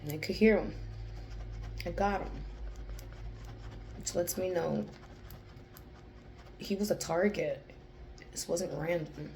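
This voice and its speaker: A young woman with a low, mellow voice thinks aloud through a psychic reading. She keeps restarting and stops to focus. A faint hiss sits under her speech. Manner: hesitant, restarts, pauses to focus. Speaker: psychic channeler.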